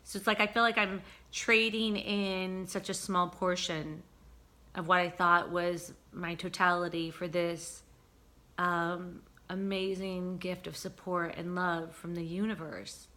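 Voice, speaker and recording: A woman vlogger talking casually about spiritual healing, earnest and searching, with frequent pauses and fillers. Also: on the low side, flat delivery, bright, forceful tone.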